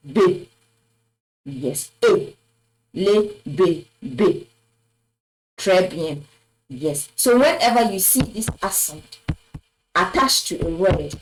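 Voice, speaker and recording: A woman's voice: mid-range voice, rough recording. A woman teaching a French lesson at a board, patiently repeating words and praising with "très bien". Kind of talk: slow classroom lesson at a board. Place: classroom with a board.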